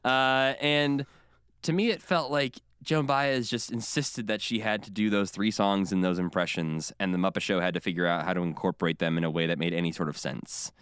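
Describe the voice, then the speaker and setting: Male podcast co-host, casual and animated, lowish resonant voice, dry close recording. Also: brisk, clean tone, no room sound. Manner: animated, quotes others in bursts. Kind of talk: casual chat.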